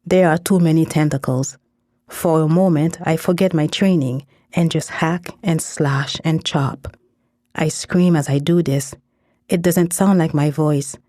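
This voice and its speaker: Woman, scripted fiction narration, measured intensity, warm dark tone, dry close recording. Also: deep voice, fairly even intonation, no room sound. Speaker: story narrator.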